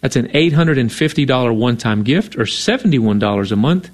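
A man co-hosting a radio fundraiser speaks at medium pitch, animated and brisk, earnestly coaxing listeners to donate and frequently tacking on "right?" It's an on-air fundraising appeal.

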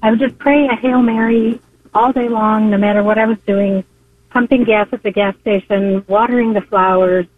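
A woman's voice: mid-range voice, steady tone, dry recording. Earnest woman caller on a tinny phone line. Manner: earnest, halting, with fillers. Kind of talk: phone-in call to a radio show.

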